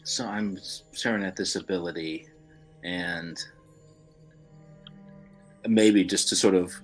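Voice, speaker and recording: A man's voice: deep voice, fairly even intonation, slow pace, faint music behind. A man playing a tabletop game, thoughtfully explaining his character's actions and the rules. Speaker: player.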